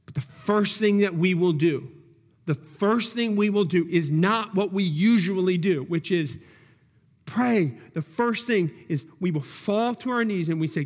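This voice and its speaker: A male pastor preaches in a church sanctuary, pressing his points through repeated words and direct questions. His voice sits high for a man. The sound carries a long hall reverb. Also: unhurried. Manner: emphatic, repeats key words, asks the congregation questions. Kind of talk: sermon.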